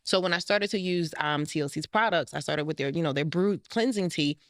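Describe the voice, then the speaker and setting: Fast-talking woman telling her story. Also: low voice, dry recording, studio quality. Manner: emotional, frank storytelling. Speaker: guest, life coach. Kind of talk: candid personal interview.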